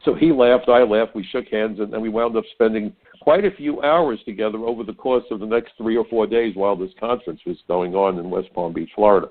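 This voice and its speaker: A man's voice: lowish voice, brisk. An older man hosting a talk radio show, telling stories in a folksy, opinionated way and often stammering on repeated words. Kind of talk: conservative talk radio monologue. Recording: narrow phone-like radio sound.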